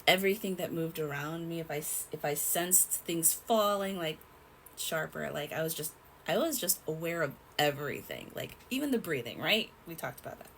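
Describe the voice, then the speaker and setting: A young woman telling a personal story in a rambling, halting way, with many fillers and restarts. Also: deep voice, animated, fairly bright tone, a little hiss or hum, low-quality recording. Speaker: vlogger.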